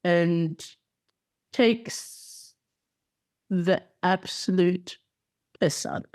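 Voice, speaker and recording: A woman co-hosts a podcast in casual chat, enthusiastic and playful, with slangy asides and frequent ums. Her voice is on the low side and a little mellow, and she draws out her words.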